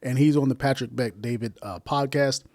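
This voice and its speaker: A man's voice: medium pitch, moderate pace, a little mellow, no room sound. A man hosting a reaction commentary, speaking emphatically and repeating phrases for stress. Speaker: commentary host. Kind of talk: reaction commentary to video clips.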